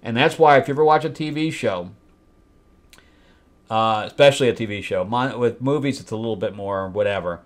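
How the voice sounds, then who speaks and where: A man's voice: medium pitch, a little fast. Man, comic book review host, blunt, exasperated, mocking asides. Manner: blunt, exasperated critique with mocking acted-out quotes.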